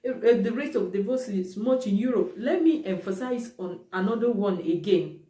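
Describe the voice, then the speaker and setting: Woman vlogger, warm low-key timbre, emphatic, echoey room recording. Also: lively intonation, moderate pace. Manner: emphatic, repeats points for stress. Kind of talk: casual talk to camera. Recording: roomy, distant from the mic.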